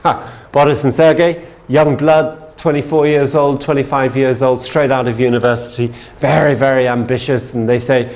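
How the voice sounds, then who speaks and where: A man running a sales training session, telling a long story in a loose, chatty way. He keeps turning back to his listeners to check they are following, and his voice sits at an ordinary middle pitch for a man. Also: steady tone, moderate pace, hardly any pauses, a little mellow. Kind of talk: storytelling lesson.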